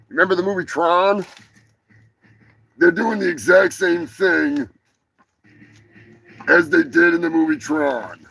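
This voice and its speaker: A man's voice: on the high side, vocal fry, pushed and bright. A man hosting a comedic live show, rambling and swearing freely. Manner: profane, rambling. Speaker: host.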